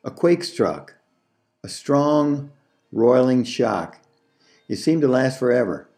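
Mellow male audiobook narrator. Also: medium pitch, animated. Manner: slow, measured reading.

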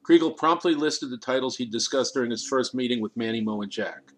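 A man narrating an audiobook, his voice sitting at an everyday middle pitch. He reads the story in a measured, steady way. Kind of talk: scripted narration.

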